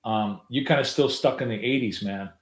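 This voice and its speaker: Trading live on a stream, a middle-aged man with a medium-pitched voice talks at a normal speed, chatting casually with plenty of rambling, offhand swearing, and fillers. The room he's in is spacious and echoey.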